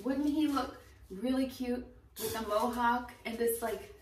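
A woman's voice: on the high side, unhurried. A woman co-hosting a casual home vlog, chatting with lots of "um" and "like" fillers. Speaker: brand co-founder and vlog host. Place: home room during lockdown. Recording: echoey room, mic at a distance, background noise.

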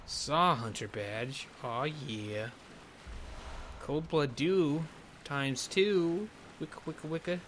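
A man's voice: fairly high pitch, takes it slowly, a bit bright, a little hiss or hum. Joking young-sounding man narrating a game. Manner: jokey, rambling, mutters while playing. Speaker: gamer. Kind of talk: let's play commentary.

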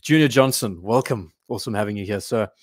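A man's voice: lowish voice, fast talker, no room sound, clean studio sound. A man hosting a casual live stream, rambling and reading viewer comments aloud.

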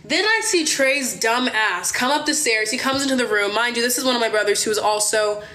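A woman's voice: on the high side, lively intonation, fairly quick, bright, forceful tone. A young woman vlogger telling a dramatic, profanity-laced story on a livestream, with lots of fillers.

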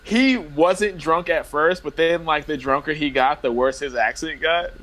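A man's voice: a little high, measured pace, crowd noise. A young man telling a teasing story about a friend in casual podcast chat.

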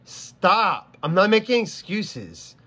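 A man on a livestream talks straight to his chat, his voice sitting a little higher than most. He stumbles and restarts, circling back to the same phrases in a flustered, casual way. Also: big pitch swings, takes it slowly, pushed and bright. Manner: flustered, stammering, repeats himself. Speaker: streamer.

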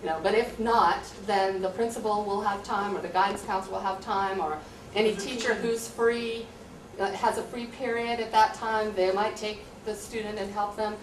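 An American woman, a high school teacher, explaining in an earnest, conversational way how she handles students. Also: fairly even intonation, normal speed. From USA. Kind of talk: explaining classroom practice to visitors. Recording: echoey room, distant mic, light hum.

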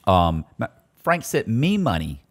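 A man with a fairly low pitch speaks a little slowly while casually telling prison stories as a guest. He gets animated, imitating the voices of the people involved.

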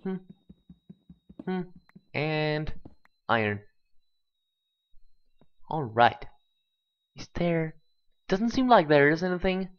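A gaming channel host giving let's play commentary, thinking aloud and bursting into excited exclamations, on a dull lo-fi home mic. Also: medium pitch, slow, long pauses, clear, resonant tone.

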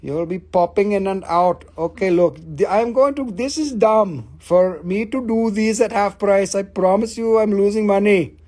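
A husky-voiced woman hosts a live online rock sale, swearing freely and rattling off rapid countdowns. Her talk is excitable and loose, and her voice has a rough, breathy edge. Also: mid-range voice. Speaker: live-stream rock and mineral seller. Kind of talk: live online sales show.

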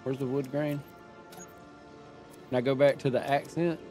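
A man's voice: mid-range voice, fairly even intonation, unhurried, warm tone, faint music behind. A man giving casual commentary while playing a video game, chatty and thinking aloud as he makes up his mind. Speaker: gaming streamer.

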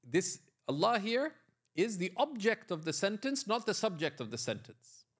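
A man's voice: high-pitched, very animated, moderate pace, slightly rough. A man teaching Arabic grammar in a classroom lecture, explaining step by step and often quizzing his students with questions and "right?". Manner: frequent checking tags like "right?".

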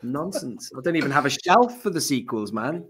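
A man's voice: mid-range voice, sing-song, normal speed, husky. A man joining a casual panel chat as a guest, jokey and teasing, over a video call.

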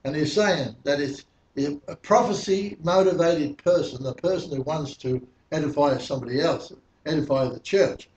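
A man's voice: fairly high pitch, moderate pace, a little mellow, dull audio, a little hiss or hum. A male preacher teaching a sermon verse by verse, putting questions to the congregation. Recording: echoey hall, mic at a distance.

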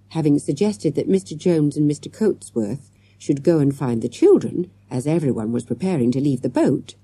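A woman reads a children's storybook aloud with lively, expressive pitch. Her voice is low, mellow and husky, recorded close and dry. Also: dry recording. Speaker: audiobook narrator.

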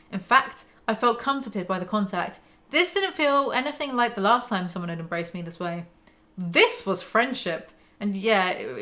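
A woman's voice: medium pitch, fairly bright tone. A woman hosting a book breakdown, reading passages aloud and adding sarcastic, mocking asides. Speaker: book commentary host.

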